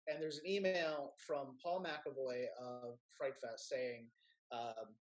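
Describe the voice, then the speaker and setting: A man from Kentucky with a Kentucky accent, a filmmaker guest telling a story in a casual interview, lively and quick to act out what others said. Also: a little high. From Kentucky, USA. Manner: animated storyteller, acts out quotes in raised voices.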